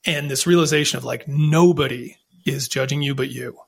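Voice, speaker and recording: A man's voice: mid-range voice, moderate pace, vocal fry, husky. A man telling his own story as a podcast guest, in an earnest, reflective way with frequent restarts. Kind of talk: candid conversational storytelling.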